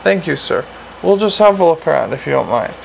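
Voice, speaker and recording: A man's voice: a little high, very animated, brisk, gravelly, a little hiss or hum, heavily acted, low-quality recording. A man playing a polite, plodding male police sergeant speaking deferentially.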